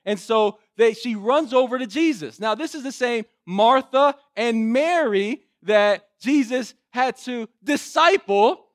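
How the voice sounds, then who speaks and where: Man, preacher, storytelling sermon, high voice, lively swinging pitch. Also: measured pace, few pauses, dry recording, clean studio sound. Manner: animated retelling, frequent restarts.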